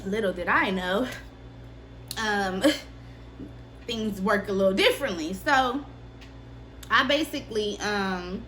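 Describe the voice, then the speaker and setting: A young woman casually telling a personal story on her vlog, candid and profane, with lively delivery. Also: mid-range voice, takes it slowly, long pauses, a little hiss or hum. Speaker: vlogger.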